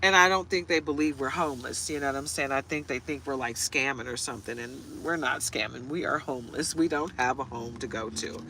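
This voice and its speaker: Chatty woman with a bright voice. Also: a bass voice, fairly quick, few pauses, slight background noise, poor audio. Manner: chatty storyteller, laughs often, gets choked up. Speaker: tarot reader. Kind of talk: casual chat to camera. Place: inside a parked truck.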